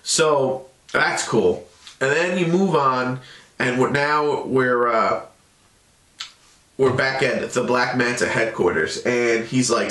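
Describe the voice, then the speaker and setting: A man's voice: mid-range voice, takes it slowly, a bit bright. Rambling man recapping an episode, echoey. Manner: rambling, loose retelling. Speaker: show reviewer.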